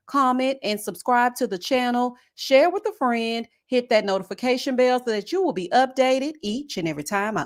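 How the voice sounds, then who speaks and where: A young woman hosting a casual live recap of a reality show, talking with sass, slang and plenty of shade. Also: fairly high pitch. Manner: sassy, animated, throws shade with slang asides. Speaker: host of a reality-show review channel.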